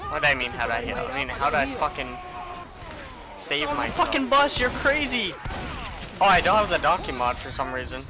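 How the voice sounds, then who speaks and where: A young man giving excitable gameplay commentary as a gaming channel host, swearing often and shouting at his teammates. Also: mid-range voice, racing, few pauses, background noise. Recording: loud game audio behind voice.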